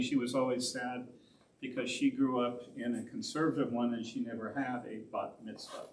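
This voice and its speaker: A pastor from Oregon teaches a Bible study at a middling pitch, wandering into asides as he goes. He sounds set back from the microphone in an echoey church classroom, with a faint hiss underneath. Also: darkish tone. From Oregon, USA. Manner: rambling, conversational, with self-aware asides. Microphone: distant room mic. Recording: roomy, distant, faint hiss.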